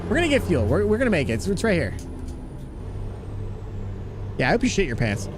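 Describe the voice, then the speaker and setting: A man's voice: high-pitched, fairly quick, background noise. A man streaming a trucking game live, chatting casually with viewers, swearing often and throwing out playful mock threats. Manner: excitable, profane, mock-threatening, talks to chat. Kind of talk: casual live-stream chat while playing.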